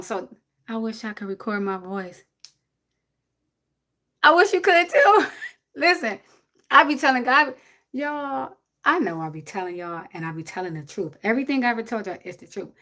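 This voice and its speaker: A woman's voice: fairly high pitch, a bit bright. A woman, giving blunt, preachy advice to a viewer on a casual livestream. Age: 40s.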